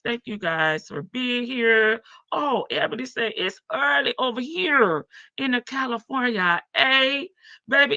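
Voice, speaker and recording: Woman, live-stream host, slow gravelly morning voice, chatty, dull lo-fi sound. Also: fairly high pitch, sharp tone, no room sound. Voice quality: heavy morning voice. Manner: chatty, greets chat viewers by name. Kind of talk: casual live-stream chat. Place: front porch outdoors.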